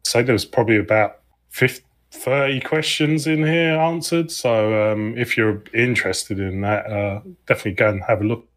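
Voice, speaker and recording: A man co-hosting a gaming podcast in a casual chat, speaking in an easygoing, halting way with frequent ums. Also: mid-range voice. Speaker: podcast co-host.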